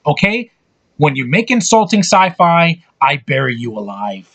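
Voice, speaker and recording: Husky, slightly high-voiced man ranting about a film, blunt and full of swearing. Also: sing-song, moderate pace, a bit bright, lo-fi sound. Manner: heated, profane, blunt ranting. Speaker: online movie reviewer. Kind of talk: angry movie rant.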